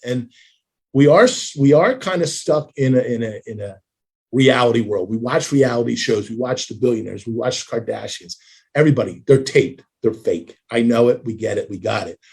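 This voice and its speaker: A man hosting a casual live-stream conversation, earnest and halting with many restarts. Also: medium pitch, a little mellow, husky. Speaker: host.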